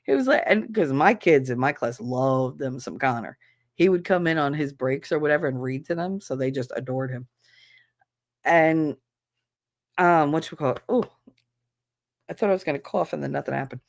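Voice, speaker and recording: A woman, a schoolteacher, chatting casually on a stream and telling an animated family story with blunt language and bursts of laughter. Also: low-pitched, moderate pace, long pauses. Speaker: livestreamer and schoolteacher.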